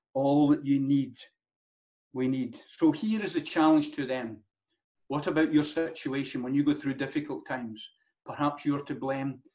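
A male pastor delivers a sermon in a somewhat high-pitched voice. He preaches earnestly and leans on rhetorical questions and repetition. The recording sounds dull and lo-fi. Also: a little mellow.

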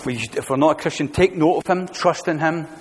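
A man pastor delivers an earnest, conversational sermon, leaning on rhetorical questions. His voice sits a little high for a man. The church sanctuary adds a long, lingering reverb over a faint hum of room noise. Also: brisk.

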